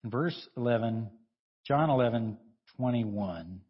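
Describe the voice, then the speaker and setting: A man delivers an informal, conversational sermon, his husky voice rising and falling with lively inflection. He talks in loose asides and chuckles between points. The recording sounds dull and lo-fi. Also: medium pitch, measured pace. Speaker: preacher.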